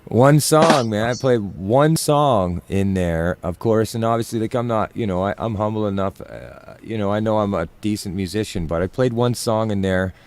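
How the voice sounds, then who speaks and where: A man with a deep, low voice tells a rambling, filler-heavy story in casual stream chat. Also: normal speed, hardly any pauses. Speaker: musician and regular on a live stream chat.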